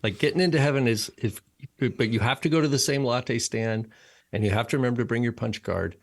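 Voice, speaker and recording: Male co-host, mid-pitched, playful and jokey in casual conversation. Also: a little fast. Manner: joking, playful analogies. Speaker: podcast co-host. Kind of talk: casual chat.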